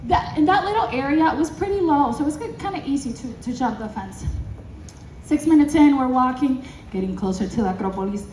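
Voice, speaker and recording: A woman vlogger casually telling an animated story to camera, acting out dialogue and laughing often. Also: high voice, a little fast, distant mic, slight background noise. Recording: roomy echo, away from the mic.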